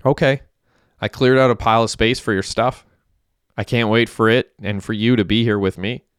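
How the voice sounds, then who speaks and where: A man's voice: on the low side, steady tone, moderate pace, clean tone, no room sound, studio quality, lightly acted. A man voicing an affectionate young woman, the narrator's girlfriend in an audiobook, talking eagerly.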